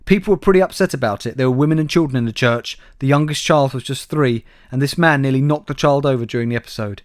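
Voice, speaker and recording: A man's voice: medium pitch, fast talker, dry recording. A man co-hosting a comedy podcast, reading out news stories with dry, wry asides. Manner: dry, wry delivery, addresses co-host by name. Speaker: podcast co-host.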